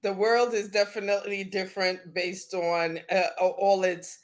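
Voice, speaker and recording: A man's voice: sits high, level tone, moderate pace, slight background noise. A man hosting a casual podcast who stumbles and searches for words with fillers.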